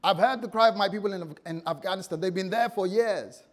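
A man voicing God as a solemn, commanding male deity, proclaiming loudly within a church sermon. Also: high voice, brisk, voice pushed up.

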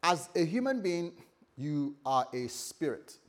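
A man preaching a morning sermon as pastor, repeating phrases and swinging between loud and soft. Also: on the high side, measured pace. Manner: lively, repetitive preaching with sudden loud and soft turns.

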